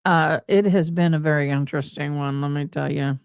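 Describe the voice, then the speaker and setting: A woman's voice: sits low, steady tone, brisk, gravelly, a little mellow, smooth, dry recording, studio quality. A woman with a Texan accent, hosting a casual livestream in a chatty, bubbly way and often saying y'all. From Tennessee, USA. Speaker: livestream host.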